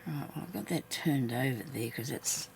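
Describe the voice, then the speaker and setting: A woman who makes craft videos, chatting casually to herself while she sews and mumbling, with her voice often dropping into soft half-whispers. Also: a bass voice, normal speed, gravelly, background noise. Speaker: craft vlogger. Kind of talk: casual talk while stitching.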